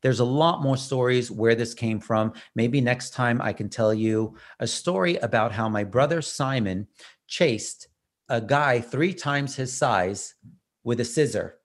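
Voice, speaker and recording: Brief: male podcast host at an average pitch, casual, animated, self-mocking storyteller. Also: measured pace.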